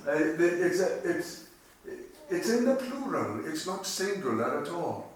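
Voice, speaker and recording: A man preaching in a chapel, his voice sitting a little high and carrying with heavy echo from a distant mic. He talks conversationally but with emphasis, repeating phrases and asking rhetorical questions over a faint hiss. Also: big pitch swings, measured pace. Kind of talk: sermon. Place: cemetery chapel.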